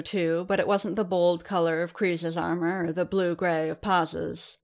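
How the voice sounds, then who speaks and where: A woman with a fairly low voice narrating fiction for an audiobook. Her telling stays even and measured, carrying the scene steadily through description and dialogue tags.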